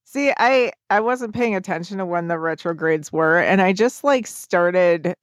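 A woman's voice: on the low side, a little slow, no room sound, studio quality. A young adult woman hosting a podcast in casual chat, playful and giggly, often tripping over her words. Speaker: podcast host.

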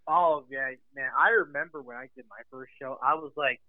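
A man guesting on a podcast, telling stories in an animated, casual way, swearing and laughing often. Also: medium pitch, normal speed, dry recording, phone-quality sound. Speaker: guest, radio show host. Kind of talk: casual chat.

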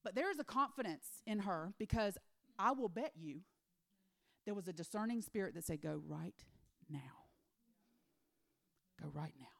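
A woman preaching a sermon, retelling a Bible story with animated voices for the characters and hushed, near-whispered emphasis. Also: medium pitch. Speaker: women's ministry speaker.

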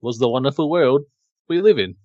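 A man's voice: mid-range voice, fairly quick, darkish tone, no echo. Joking man, dull lo-fi audio. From Australia. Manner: joking, rambling. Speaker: podcast co-host. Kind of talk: casual chat.

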